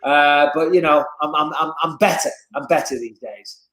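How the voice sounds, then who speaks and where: An English man telling stories in a casual podcast chat as a fight commentator, animated and swinging his voice up and down. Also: moderate pace, roomy sound. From England. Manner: animated storyteller, lively swings in pitch and loudness.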